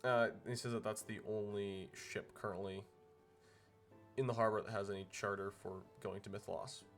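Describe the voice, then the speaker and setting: A man's voice: lowish voice, level tone, normal speed, soft background music. A man narrating as game master in a loose, rambling way with lots of fillers.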